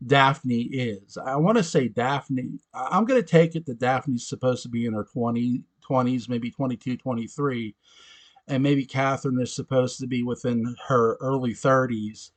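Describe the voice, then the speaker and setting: Chatty man recapping an old soap. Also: mid-range voice. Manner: chatty, laughs often, frequent restarts and asides. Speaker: fan reviewer recapping episodes. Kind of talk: casual spoken episode recap.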